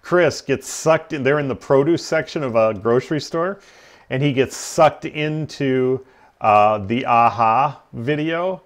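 A livestream host, male, chats casually on a gaming stream in a mid-range voice that runs a little slow. He rambles, uses many ums, and laughs at his own tales.

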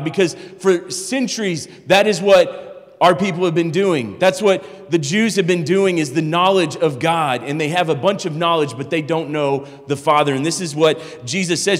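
Man, sermon, conversational, restarts phrases, high pitch, reverberant sanctuary. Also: moderate pace. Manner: conversational, explaining scripture with repeated restarts. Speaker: preacher. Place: church sanctuary. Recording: long church hall reverb.

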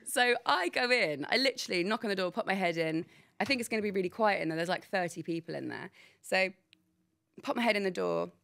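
Woman, thirties, gravelly fry, animated, casual storytelling. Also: quick pace. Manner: animated, laughing, quotes people with big pitch jumps. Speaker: guest, sports presenter.

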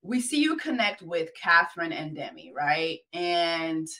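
Bright-voiced American woman host. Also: lowish voice, measured pace. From United States. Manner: lively, chatty, laughs easily, slangy. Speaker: podcast host. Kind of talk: casual interview chat.

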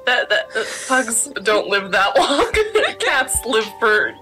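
A young woman chatting along on a game stream, playful and quick to laugh. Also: on the high side, big pitch swings, over music. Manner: laughing, playful, unhurried quips. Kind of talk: casual chat.

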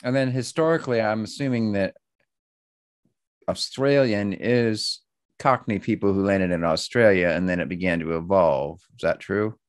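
A man's voice: on the low side, moderate pace, no room sound, clean studio sound. A man hosting a casual interview, asking brief, curious questions. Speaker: interview host.

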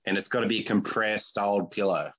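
Blunt, crude deadpan man. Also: lowish voice, a little fast. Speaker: podcast co-host. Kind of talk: casual comedy podcast banter.

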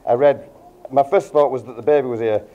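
At a wedding reception, a middle-aged man gives a toast as the groom's father, reading from notes and slipping in dry jokes. His mid-range voice moves fairly quickly, captured in narrow, tinny audio.

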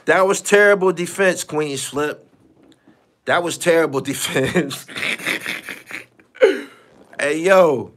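Slow and full of long pauses, this man's fairly high, fairly bright voice carries his casual live-stream commentary. He hosts a podcast and speaks bluntly, cursing and repeating himself to make points land.

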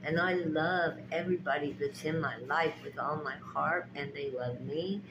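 A woman's voice: sits low, moderate pace, lo-fi sound, noisy background. A woman giving a spiritual pep talk with tarot readings, speaking to her viewers in a preachy, emphatic, folksy way with lots of repetition. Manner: folksy, direct address to viewers.

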